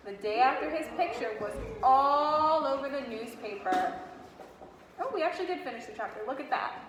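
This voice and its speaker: A woman teacher reading a storybook aloud to a class in an animated way, stopping to ask the children questions. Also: high voice, moderate pace. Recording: echoey classroom with long reverb, faint noise.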